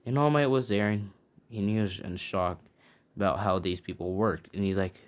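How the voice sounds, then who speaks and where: A man's voice: on the low side, normal speed. A man improvising a fan-made story, rambling casually with many fillers and restarts. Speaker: channel host telling a fan story.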